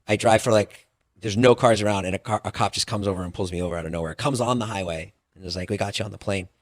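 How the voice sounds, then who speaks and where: A man's voice: fairly low pitch, quick pace, dry recording, clean studio sound. A man, a regular on a casual podcast, telling anecdotes with laughter and swearing.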